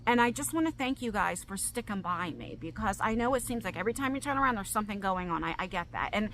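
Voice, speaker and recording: Middle-aged woman with a bright voice, speaking openly and emotionally to her subscribers, stumbling over her words. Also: medium pitch, animated, quick pace, a little hiss or hum, low-quality recording. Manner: open, emotional, rambling with restarts. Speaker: vlogger. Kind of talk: emotional personal vlog.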